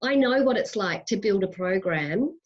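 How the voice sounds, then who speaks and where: An Australian woman hosts a relaxed interview, gushing and chatty with frequent giggles. Her voice sits at a middle pitch, and the audio is a little dull and lo-fi. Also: moderate pace. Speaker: podcast host. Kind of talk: casual interview chat.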